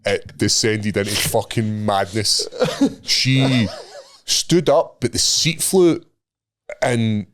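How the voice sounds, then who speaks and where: A man's voice: medium pitch, measured pace. A Scottish man co-hosting a podcast, telling a sweary, laughing anecdote and putting on the voices of the people in it. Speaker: podcast co-host. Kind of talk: casual storytelling.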